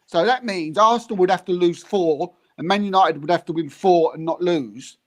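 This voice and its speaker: Bloke telling footy stories, animated, lots of chuckles, slightly high voice. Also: male voice, normal speed. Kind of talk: casual football reaction chat.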